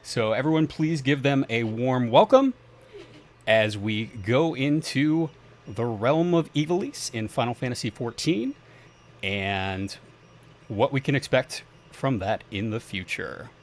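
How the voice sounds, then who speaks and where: A man's voice: mid-range voice, expressive, a little slow. A man hosting a convention panel, introducing it in an upbeat, welcoming way. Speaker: panel host and stream manager.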